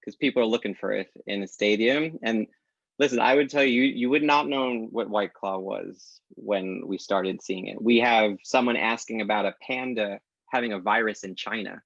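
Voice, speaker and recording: Low gravelly guy chatting on a podcast, acts out what people said, kinda dull lo-fi sound. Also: moderate pace, no room sound. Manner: animated storyteller acting out quoted dialogue. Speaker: guest, tech company founder. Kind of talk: casual podcast conversation.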